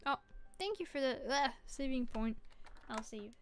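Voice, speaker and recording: Bubbly, high-voiced woman art streamer. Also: expressive, unhurried. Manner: bubbly and playful, chatting with her viewers. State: sleepy, fighting off yawns. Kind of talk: casual chat while drawing.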